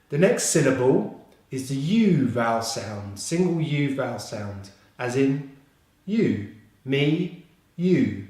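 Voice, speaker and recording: British male English teacher, slow careful delivery, echoey room, mid pitch. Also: very animated, darkish tone. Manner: slow, deliberate, repeats sounds for emphasis. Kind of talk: slow, careful pronunciation lesson. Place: London.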